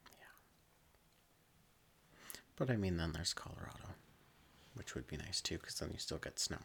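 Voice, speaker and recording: A young woman in relaxed casual chat, laughing a lot. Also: a bass voice, normal speed, vocal fry, whispered. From Saskatchewan, Canada.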